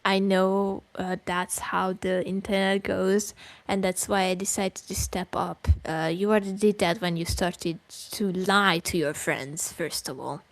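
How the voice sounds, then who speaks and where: A woman with a lowish voice co-hosts a podcast, speaking a little slowly with fairly even intonation into a close desk microphone, with no room sound. She reads a document aloud and tears into it in a heated rant, exasperated, profane, prone to loud outbursts and sighs.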